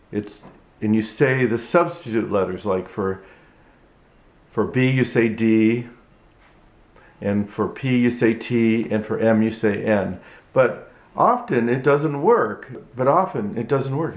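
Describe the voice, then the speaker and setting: A man teaching ventriloquism in a tutorial vlog, halting and repetitive, with frequent restarts. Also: on the low side. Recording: echoey room.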